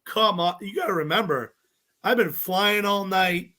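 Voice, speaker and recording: A young man, a podcast guest telling stories from a cooking show in a bubbly, animated way, acting out other people's lines and swearing freely. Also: sits high, moderate pace. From Massachusetts, US. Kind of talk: casual storytelling chat.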